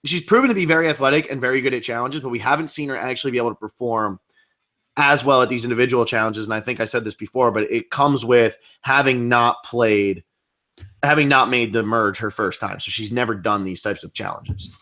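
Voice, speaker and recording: A man co-hosting a fan show, chatting casually in quick back-and-forth with filler words. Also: mid-range voice, bright, forceful tone. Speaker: podcast co-host.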